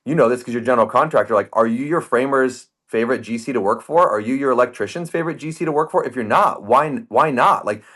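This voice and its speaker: A rapid-fire male podcast host who talks in quick bursts. He tells his stories with animated energy and jumps into the voices of the people in them. His pitch sits in the middle range for a man. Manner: animated storyteller, acts out quoted voices. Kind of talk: casual chat. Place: podcast studio.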